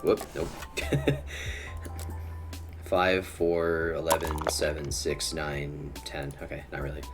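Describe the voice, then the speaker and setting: Rumbling low and slow, a young man streams his gameplay, chatting casually, muttering to himself, and chuckling a lot. Faint music plays in the background.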